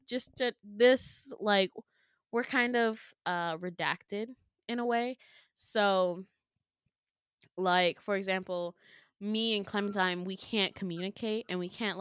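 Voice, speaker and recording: A woman's voice: medium pitch, measured pace, fairly bright tone, smooth, no room sound. Young woman, casual podcast storyteller, rambling, dry close sound. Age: young adult. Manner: rambling, heavy on fillers like "like", laughs often. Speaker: podcast host.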